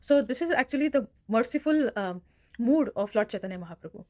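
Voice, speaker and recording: A woman's voice: on the high side, expressive, fairly quick, a little mellow. A woman hosting her own devotional channel, earnestly retelling scripture stories with quoted dialogue. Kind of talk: devotional storytelling talk.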